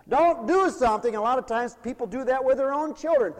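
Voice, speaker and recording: A man's voice: very high voice, brisk, few pauses, in a large hall. A man preaching a folksy sermon, acting out the people he quotes.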